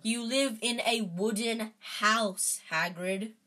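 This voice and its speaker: Clever eager schoolgirl, earnest, coaxing, higher voice, husky, as a woman reads her, storybook. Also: slow, bright, forceful tone, exaggerated voice. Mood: worried. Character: bright eager schoolgirl, know-it-all.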